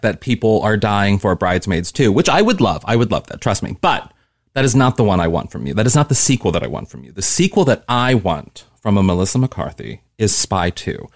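A man's voice: fairly low pitch, very animated, a little fast, dry recording, clean studio sound. A man from the Midwest interviewing a guest, enthusiastic and full of praise. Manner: enthusiastic, effusive fan. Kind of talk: casual interview.

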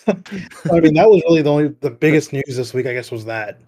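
A man's voice: on the high side, animated, fairly quick, mellow. A man hosting a casual podcast chat, laughing often and rambling with lots of fillers. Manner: laughs often, heavy with "like" and "you know" fillers. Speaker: podcast host.

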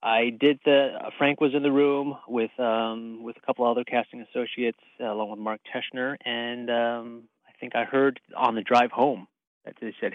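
A man's voice: medium pitch, measured pace, dry recording. A man being interviewed as a guest actor over the phone, telling a rambling story and laughing at himself. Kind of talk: casual interview chat. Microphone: phone call. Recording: dull lo-fi phone line.

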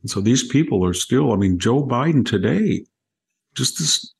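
A man's voice: mid-range voice, moderate pace. An older man hosting a political talk show, explaining at length in a casual, rambling way. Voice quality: gravelly. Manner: long rambling explanations with animated quoted voices. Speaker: podcast host, commentator.

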